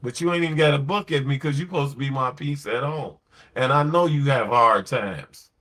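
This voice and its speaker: A man's voice: mid-range voice, fairly quick, bright, forceful tone. A man talking on a late-night podcast in a blunt, slangy, emphatic way, telling stories and giving opinions. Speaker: podcast host.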